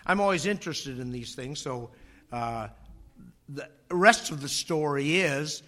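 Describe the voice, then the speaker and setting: A man preaching a sermon, slow and dramatic, dropping to a near whisper on key phrases and acting out voices in his stories. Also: a little high, lively intonation, pushed and bright. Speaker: pastor.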